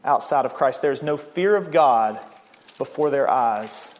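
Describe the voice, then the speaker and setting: A man preaching a sermon as a pastor, earnest, slowing down to stress key words. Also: mid-range voice, animated.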